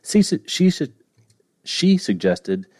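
A man's voice: on the high side, big pitch swings, slow, darkish tone, no echo, clean studio sound. A man co-hosting a podcast about books, chatting casually and joking at his own stumbles over names. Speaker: podcast co-host. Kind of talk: casual chat.

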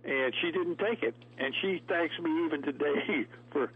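A man's voice: fairly high pitch, moderate pace, breathy edge. A man telling folksy stories as a guest, laughing often. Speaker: actor guest. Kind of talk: storytelling interview. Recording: tinny phone line, radio.

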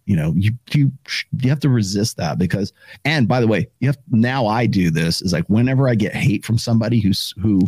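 Man, podcast host, low voice, husky, rambling casual talk, dry close sound. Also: lively intonation, moderate pace, a little mellow, no echo. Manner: rambling, acts out quoted voices. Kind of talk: casual conversation.

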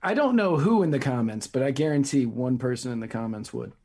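A man co-hosting a casual podcast with a mellow, darker voice. He drops in dry, wry quips, mid-pitched and relaxed. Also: brisk. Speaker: podcast co-host. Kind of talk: casual comedic chat.

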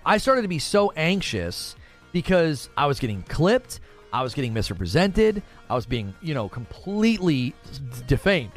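A man's voice: on the high side, sing-song, moderate pace, soft background music. A young adult man hosting a gaming news show, talking casually and animatedly on a livestream and answering chat.

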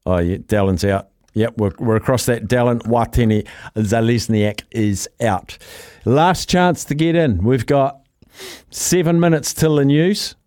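A man hosting a casual radio show, reading out listener texts with brisk, jokey asides. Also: medium pitch, a little mellow, no room sound, clean studio sound. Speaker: radio host.

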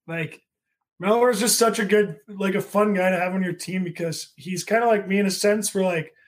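High-voiced young man, loose chat. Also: moderate pace. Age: young adult. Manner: laid-back, lots of "like" fillers and swearing. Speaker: podcast co-host. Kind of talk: casual chat.

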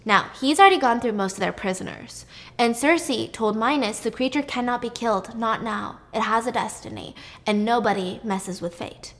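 A woman's voice: on the high side, moderate pace, fairly bright tone. Chatty, irreverent woman storyteller. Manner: chatty and irreverent, swears freely. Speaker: storyteller host. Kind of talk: casual mythology retelling.

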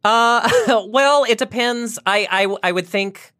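A woman's voice: on the high side, takes it slowly, a bit bright, no room sound, studio quality. A woman chatting casually with a co-host, giggly and playful. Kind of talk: casual chat.

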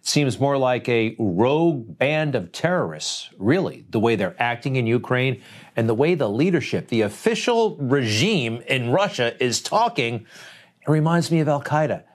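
A man's voice: medium pitch, sing-song, moderate pace. Guy ranting on a commentary show, voice jumps all over, sarcastic questions. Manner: emphatic, with sarcastic rhetorical questions. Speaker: commentary host. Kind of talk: opinion commentary.

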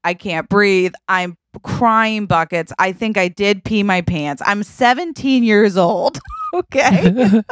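Animated woman telling a dramatic story. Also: mid-range voice, takes it slowly, no room sound. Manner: animated, dramatic, keeps asking "okay?". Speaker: podcast co-host. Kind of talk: casual storytelling chat.

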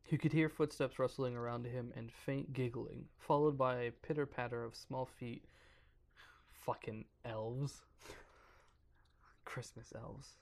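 Podcast guy with a gravelly voice reading a creepy story out loud, trips on words and jokes around. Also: mid-range voice, steady tone, normal speed, hardly any pauses. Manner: stumbles over words and breaks off to joke.

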